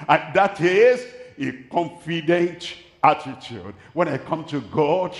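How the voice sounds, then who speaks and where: A man with a Nigerian accent preaching a sermon at a large crusade, speaking slowly and deliberately, repeating his key phrases. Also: a little high, animated. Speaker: pastor. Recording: echoey hall, voice from a distance.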